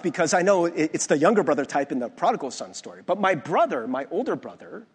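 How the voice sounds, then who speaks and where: A man's voice: fairly high pitch, breathy edge. A young adult man, a pastor, telling personal stories in a conversational sermon with many restarts. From United States. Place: church sanctuary. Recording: long hall reverb from a church.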